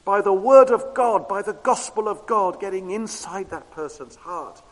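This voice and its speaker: A man preaching a sermon with emphatic repetition, moving between loud declarations and hushed low tones. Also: expressive, moderate pace. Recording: long hall reverb.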